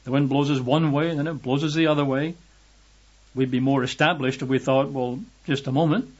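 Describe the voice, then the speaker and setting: A man preaching a sermon at an unhurried pace, pausing on fillers and slowing down to quote scripture. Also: mid-range voice, husky. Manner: unhurried, hesitant with fillers, slows and lifts when quoting scripture. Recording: dull lo-fi sound.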